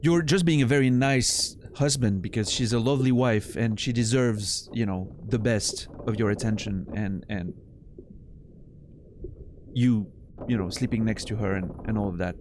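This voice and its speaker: A man's voice: lowish voice, normal speed, noisy background. A tired, yawning man streaming a game, rambling and teasing his viewers in casual chat. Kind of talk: casual chat while playing.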